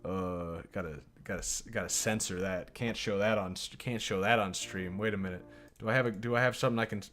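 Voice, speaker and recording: A man's voice: on the low side, steady tone, brisk, a bit bright, soft background music. A man streaming a game live, reading the dialogue and cracking crude, mocking jokes.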